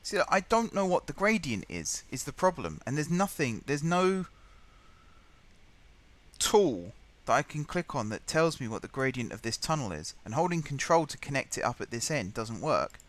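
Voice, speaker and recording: A man's voice: medium pitch, very animated, moderate pace, a bit bright. A man streaming live, muttering and thinking aloud as he plays, and easily exasperated. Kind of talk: live gameplay commentary.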